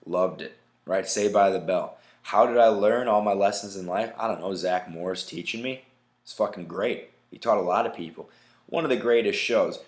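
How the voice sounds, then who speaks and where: A deep-voiced man in his thirties hosts his own podcast, talking in an emphatic, profane rant. He keeps checking in with "right?" and "all right?". The recording has a noticeable roomy echo. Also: moderate pace. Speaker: podcast host. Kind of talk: casual solo podcast rant. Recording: echoey room.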